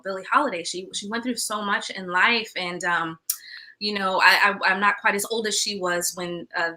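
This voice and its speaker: A woman singer and stage actress answering interview questions in a reflective, halting, heartfelt way. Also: mid-range voice, pushed and bright.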